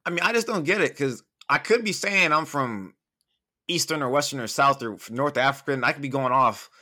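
Bright-toned profane young man chatting. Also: medium pitch, a little fast. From Southern California. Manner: loose, profane, animated storytelling. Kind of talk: casual chat.

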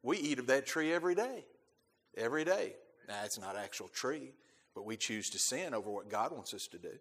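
A man preaching a sermon as pastor, emphatic, repeating key phrases and swelling loud on key words before dropping to quiet asides. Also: medium pitch, lively intonation, a little fast, husky. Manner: emphatic, repeats key phrases, quotes scripture in King James wording.

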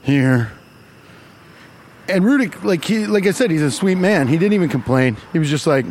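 A man spins a profane, rambling story with a lively, swooping delivery. His voice sits a bit high, and he jumps into mocking voices when he quotes people. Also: normal speed, long pauses. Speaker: comedian telling a story.

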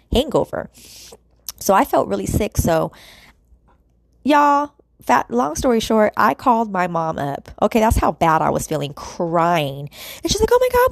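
A woman's voice: sits low, creaky, no echo. A woman vlogging in a casual, rambling way, full of restarts and talk aimed at her viewers. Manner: rambling, many fillers and restarts, addresses viewers as y'all. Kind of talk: casual confessional chat to camera.

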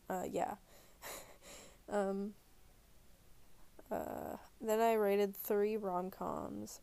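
A woman chats about films alone in her bedroom, lying down as she talks. Her voice has a gravelly, creaky edge, and her thoughts wander through fillers and restarts. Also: medium pitch, fairly even intonation, slow, dark tone. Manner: rambling, full of fillers and restarts. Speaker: movie reviewer. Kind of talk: rambling casual chat.

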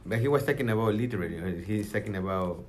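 A man's voice: on the low side, fast, slight background noise. A man joining a casual Bible study discussion, talking in a loose, informal and rambling way.

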